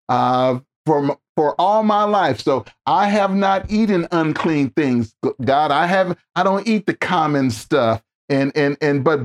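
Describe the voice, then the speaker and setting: A male pastor preaching a sermon, animated and repetitive, often acting out quoted voices and calling out to the congregation. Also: a little high. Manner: repeats words and restarts, calls out to the congregation.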